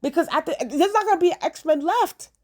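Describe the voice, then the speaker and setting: Very high-pitched and animated, a young woman speaks a little quickly while breaking down a TV episode in her casual vlog. She reviews with chatty emphasis, repeating lines for effect.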